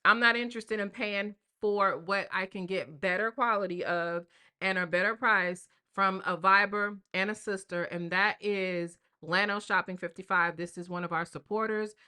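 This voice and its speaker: A woman's voice: mid-range voice, fairly even intonation, normal speed, sharp tone, clean tone. An older woman, a grandmother hosting a casual live stream and chatting with viewers in a slangy, talkative way. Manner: chatty, slangy, addresses viewers as y'all and baby. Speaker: livestream host.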